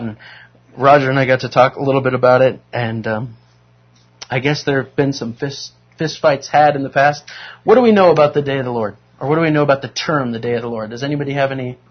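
A man's voice: mid-range voice, husky, lo-fi sound. A man leading a Bible study class, talking conversationally and asking the group questions.

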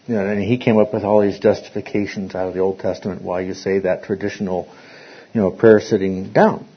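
A man's voice: on the low side, fairly even intonation, fairly quick, husky. A man teaching an interactive Bible study, rambling and often repeating words as he restarts his sentences. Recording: dull lo-fi recording.

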